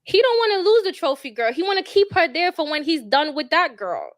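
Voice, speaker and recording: A woman's voice: high voice, sing-song, brisk, no room sound, studio quality. A woman guest in a casual livestream talk, blunt and emphatic as she lays out her views.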